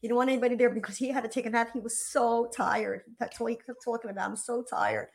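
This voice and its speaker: A grieving woman at a reading, speaking in short, halting phrases. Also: on the high side, steady tone. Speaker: sitter at a reading. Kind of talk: emotional conversation.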